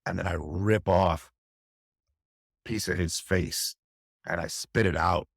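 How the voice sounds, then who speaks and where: Man, middle-aged, very low voice, husky, fire captain telling his story, vivid and intense. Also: steady tone, unhurried, no echo, clean studio sound. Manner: intense, vivid recounting with frequent restarts. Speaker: fire captain, podcast guest. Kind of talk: candid interview storytelling.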